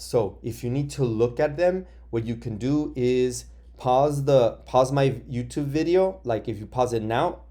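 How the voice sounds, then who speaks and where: A man teaching young students in a recorded lesson, explaining patiently and slowly with many fillers. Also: mid-range voice, dark tone. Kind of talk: recorded remote class lesson.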